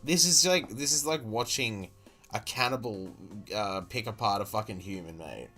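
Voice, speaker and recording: A man's voice: lowish voice, moderate pace, pushed and bright, faint music behind. A man with an Australian accent giving a profane, exasperated running commentary as a streamer reacting to a video. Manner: exasperated, sweary, incredulous.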